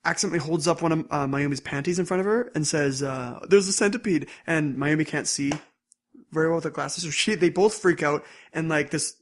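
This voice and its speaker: Young male podcast co-host, slightly high voice, rambling casual recap. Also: a little fast. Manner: rambling, animated, acts out scenes in bursts. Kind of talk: casual chat recapping episodes.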